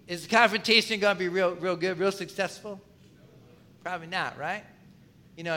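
A man's voice: high voice, pushed and bright. A man preaching a sermon in a conversational way, often asking the congregation questions. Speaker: pastor.

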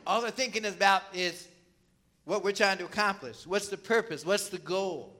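A man preaching a sermon who reads scripture aloud and explains it, pausing often to cough and clear a tickle in his throat. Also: sits high, sharp tone. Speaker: pastor.

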